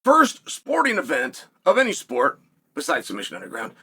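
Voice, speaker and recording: A man hosting his own show, delivering solo commentary in an emphatic storytelling manner with dramatic pauses. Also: a little high, wildly swooping pitch, bright, forceful tone, slightly rough. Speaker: show host.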